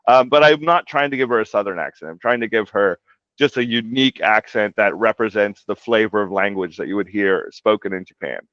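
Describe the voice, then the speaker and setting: A man's voice: lowish voice, brisk, fairly bright tone, no room sound. Rambling man on dull lo-fi audio. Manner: rambling, heavy on "like" and "you know". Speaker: comic translator guest. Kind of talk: casual interview talk.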